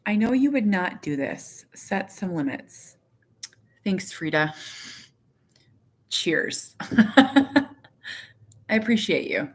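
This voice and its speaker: A woman in her thirties chatting casually to her viewers from her living room, rambling and animated, with lots of "like". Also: lowish voice, takes it slowly, pauses often. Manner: rambling, heavy use of "like"; candid, animated. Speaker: vlogger, parent.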